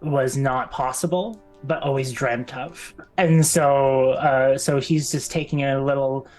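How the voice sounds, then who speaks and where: A man's voice: mid-range voice, fairly even intonation, slow, darkish tone, soft background music. Rambling, hesitant tabletop player, man. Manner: rambling, hesitant, many restarts. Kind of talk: describing his character's actions.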